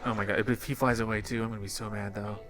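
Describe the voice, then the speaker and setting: A man, a YouTuber, giving excited commentary as he plays a game and often yells at it. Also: fairly low pitch, rapid-fire, music in the background. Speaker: YouTuber reacting to videos.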